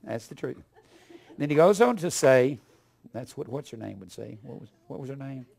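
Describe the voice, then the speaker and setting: An older man preaching a fiery sermon, scornful and ranting, swinging from low mutters to loud outbursts. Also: expressive, normal speed, gravelly.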